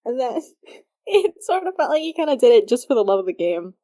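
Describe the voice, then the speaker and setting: Dark-toned woman chatting on a fan podcast. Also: a little high, sing-song, a little fast. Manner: laughing, lots of fillers. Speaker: podcast co-host. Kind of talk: casual fan podcast chat.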